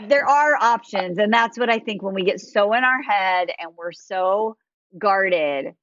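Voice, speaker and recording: Female podcast host, chatty and animated, dry and a little dull on mic. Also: medium pitch, a little slow, no room sound. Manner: chatty, animated, many fillers. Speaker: dating coach and podcast host. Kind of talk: casual podcast chat.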